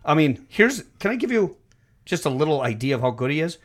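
A man hosting a casual podcast, loud, profane and rambling. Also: fairly high pitch, sing-song, a little fast. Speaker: podcast host.

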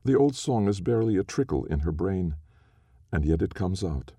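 A man reads a story aloud, slow, measured and solemn. His voice is very deep with a gravelly, dark edge. The recording is close and dry. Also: lively intonation, no room sound. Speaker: narrator. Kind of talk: scripted story narration.

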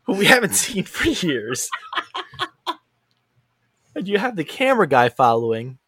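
A podcast co-host with a husky voice, speaking a little slowly, animatedly retells wrestling storylines in a casual recap chat. He acts out quotes with big pitch jumps, and the recording is dry with clean studio sound.

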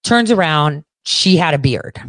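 A woman with a slightly low voice delivers a blunt, profane monologue. Her tone is sarcastic and combative. The recording is dry, with no room sound. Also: animated, a little slow, a bit bright, no echo. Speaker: podcast host. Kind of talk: ranting monologue.

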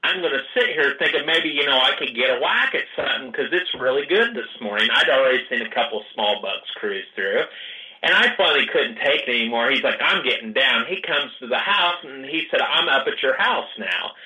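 A man tells a hunting tale in a casual, animated way, voicing the people in it. His voice is bright and forward. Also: mid-range voice, poor audio. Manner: animated storyteller, acts out quoted dialogue. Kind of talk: casual storytelling.

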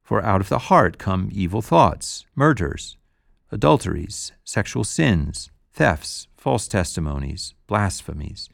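A man's voice: low voice, big pitch swings, slow pace, gravelly, no echo, studio quality, heavily acted. A man reading scripture aloud, voicing the words of a male teacher who rebukes and consoles with authority. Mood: solemn.

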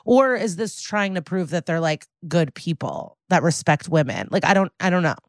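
A woman with a low voice recaps a TV episode on her podcast, wry and snarky, swearing casually as she goes. Her voice is recorded close and dry, with no room sound around it. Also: lively intonation, normal speed, no echo. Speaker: podcast co-host.

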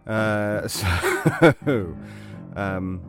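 A man with a very low voice talks slowly and playfully between studio takes. His pitch swoops around a lot, and music plays clearly behind him. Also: animated. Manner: playful, laughing asides.

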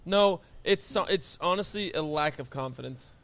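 A man's voice: a little high, moderate pace, fairly bright tone. A man co-hosting a podcast, bantering and joking with his co-hosts. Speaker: podcast co-host. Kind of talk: casual chat.

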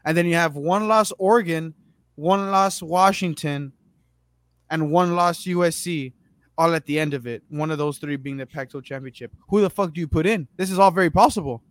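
A man's voice: fairly high pitch, normal speed, dry recording. A man co-hosting a casual sports podcast, telling a swearing-heavy story and acting out both sides of a conversation with his brother. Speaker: podcast co-host.

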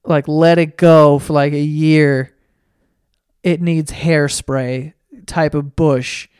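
A podcast host rambles through a solo comedy bit, swearing freely and jumping between animated tangents. The voice is captured close and dry, with no room sound. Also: mid-range voice, slow pace, clear, resonant tone, no room sound. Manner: rambling, profane, animated storytelling. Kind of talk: comedic monologue.

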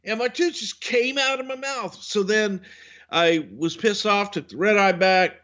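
A man co-hosting a podcast, telling stories in a casual, profane way and swinging between low grumbling and loud outbursts. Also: unhurried, dull audio. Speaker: podcast co-host, wrestling veteran.

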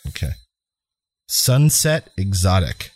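A man co-hosting a casual podcast, running a quiz game and reading the clues in a deadpan way. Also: low-pitched, takes it slowly, husky, dry recording. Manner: deadpan, reads clues flatly.

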